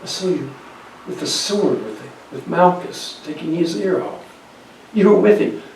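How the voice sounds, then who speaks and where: Man voicing a servant woman, accusing, insistent, high-pitched, echoey church, distant mic. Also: measured pace, vocal fry, darkish tone, slight background noise. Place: church sanctuary.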